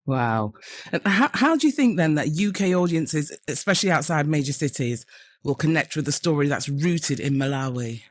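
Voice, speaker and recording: A radio host interviewing guests in a studio with warm, admiring questions. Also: medium pitch, expressive, moderate pace, no room sound.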